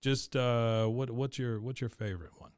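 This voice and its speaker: A man's voice: mid-range voice, steady tone, moderate pace, a little mellow, smooth, no room sound, studio quality. A man co-hosting a podcast, interviewing a guest with friendly questions and easy laughter. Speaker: podcast co-host. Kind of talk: casual interview.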